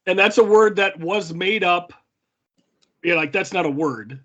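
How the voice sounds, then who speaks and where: A man's voice: high voice, a little slow, fairly bright tone. A man co-hosting a casual podcast chat who is chatty and retells scenes with lots of "like" and "you know". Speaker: podcast co-host.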